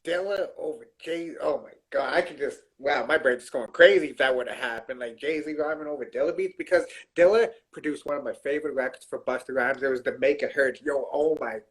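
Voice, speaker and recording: A man hosting an interview, reacting with quiet exclamations of awe and chatting about music. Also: mid-range voice, fairly quick, few pauses. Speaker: interview host. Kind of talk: casual interview chat.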